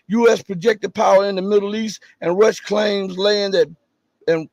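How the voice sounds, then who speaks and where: A man hosting a live stream, reading articles and viewer chat, pressing his points hard and then dropping low and casual. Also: darkish tone, no room sound. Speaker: livestream host.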